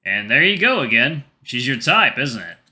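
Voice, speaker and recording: A man's voice: mid-range voice, big pitch swings, moderate pace, sharp tone. A man voicing a flirty, easygoing big male tiger in a visual novel read aloud, in playful, teasing banter.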